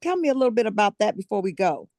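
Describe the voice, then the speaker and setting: Older woman, South Carolina native, co-host. Slow, encouraging and chatty, on a dry close mic. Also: mid-range voice, sing-song, warm tone, no echo. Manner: slow, drawn-out and encouraging, laughs often. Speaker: podcast co-host. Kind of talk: warm casual interview chat.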